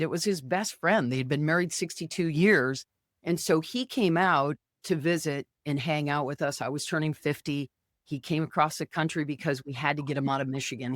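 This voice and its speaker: A woman's voice: sits low, dry recording, studio quality. A woman in her fifties, an author and radio personality, telling a story as a guest in a casual interview. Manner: animated, vivid storyteller.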